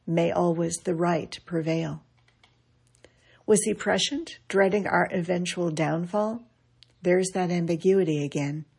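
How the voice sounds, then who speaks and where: A middle-aged woman reading a reflective essay aloud in a wry, measured way. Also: lowish voice, gravelly, darkish tone, husky. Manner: wry, measured, quoting others with dry emphasis. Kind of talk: scripted reflective narration.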